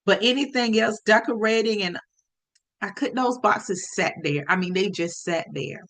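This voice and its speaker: Lively woman telling a story. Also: mid-range voice, normal speed. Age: adult. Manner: lively, speaks straight to listeners. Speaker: podcast storyteller. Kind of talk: storytelling podcast.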